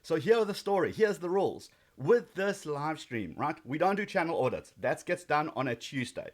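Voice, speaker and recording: A man's voice: on the high side, very animated, normal speed. A man hosting a casual live training stream, chatty and upbeat, greeting viewers by name with frequent ums. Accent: South African.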